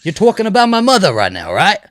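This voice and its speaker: A man voicing a loud, brash New Jersey tough guy who swears freely and speaks in an exaggerated New Jersey accent. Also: high voice, wildly swooping pitch, fast, voice pushed up, exaggerated voice.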